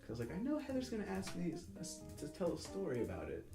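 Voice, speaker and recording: A man's voice: on the high side, huge pitch swings, fast, creaky, reverberant, over music. A man in his twenties casually telling a story, rambling and correcting himself as he acts out the people in it. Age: 20s. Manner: rambling, self-correcting, acts out quoted voices.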